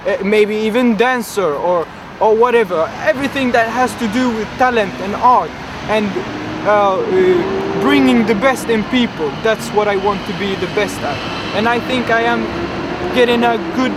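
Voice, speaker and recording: Against outdoor traffic noise, a high-voiced man lightly acts out a grandiose, dreamy young man with big ambitions in a comedic street interview. At a moderate pace, he rambles boastfully, his talk full of hesitations and fillers.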